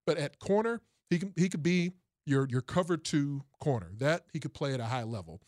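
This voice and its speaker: A man's voice: on the high side, animated, fairly quick, a little mellow, dry recording, studio quality. A man in casual sports talk, analyzing a football prospect in detail and often repeating words as he starts a thought.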